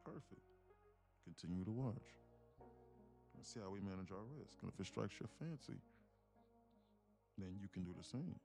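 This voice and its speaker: A man's voice: lowish voice, animated, moderate pace, creaky, long pauses, dark tone, soft background music. A man live-streaming his day trading, chatting casually and joking while reading viewers' comments. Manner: joking, reads chat aloud, puts on slang voices.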